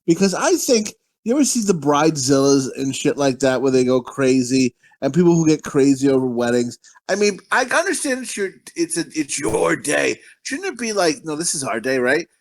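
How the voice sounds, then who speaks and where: A man's voice: on the high side, sing-song, normal speed, few pauses. Foul-mouthed man ranting. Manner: profane, blunt, ranting. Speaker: podcast co-host. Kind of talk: casual ranting chat.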